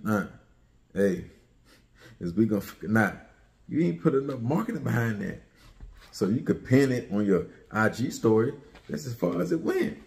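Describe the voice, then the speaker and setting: Male commentary host, heated and mocking, delivers a repetitive profane rant. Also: fairly low pitch.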